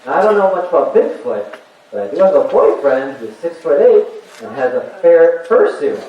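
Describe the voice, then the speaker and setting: Speaking at a normal speed with a slightly high voice, a man of about forty performs loose, chatty stand-up comedy to a live convention audience. He's lively, leaning on fillers and laughing at his own lines. Slight background noise sits under a very echoey, distant, muffled hall recording.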